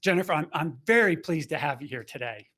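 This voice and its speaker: A man hosting a webinar over a video call, talking in a rambling, halting way with many restarts. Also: a little high, lively intonation, bright, forceful tone. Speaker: host.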